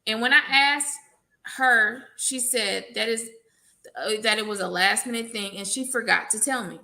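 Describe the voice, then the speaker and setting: A woman's voice: fairly high pitch, normal speed, vocal fry, bright, forceful tone. A woman educator reading an advice letter aloud on a panel, adding playful asides.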